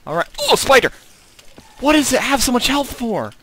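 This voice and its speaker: A man's voice: very high-pitched, big pitch swings, moderate pace, bright, forceful tone, slight background noise. A man playing a game with a friend, chatting casually, often laughing and yelping in surprise. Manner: giggly, startled yelps. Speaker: Let's Play gamer. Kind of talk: casual gaming banter.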